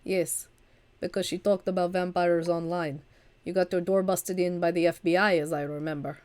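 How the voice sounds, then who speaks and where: A fed-up older Midwestern man from a vampire game, read aloud by a woman. He gripes as if he has made the same complaint a hundred times, his voice a touch low and subdued. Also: steady tone, normal speed, a little mellow, lightly acted. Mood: exasperated. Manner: griping, weary, rehashing an old argument.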